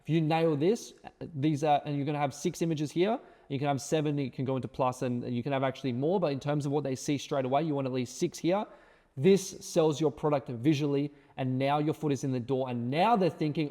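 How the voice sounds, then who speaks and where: A man's voice: a little high, a little fast, dark tone. Emphatic man in an echoey room. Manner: emphatic, repeats words, tag questions. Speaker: course instructor. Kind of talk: screen-share tutorial.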